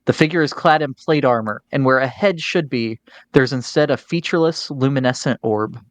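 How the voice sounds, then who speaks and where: A game master narrating a tabletop game with many pauses and fillers. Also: mid-range voice, no room sound. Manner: hesitant, filler-heavy narration.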